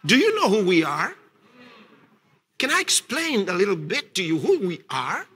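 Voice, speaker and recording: A male pastor preaching a sermon, reading scripture aloud and questioning his congregation, rising to emphatic shouts on key points. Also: high-pitched, wildly swooping pitch, moderate pace, husky. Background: congregation responding.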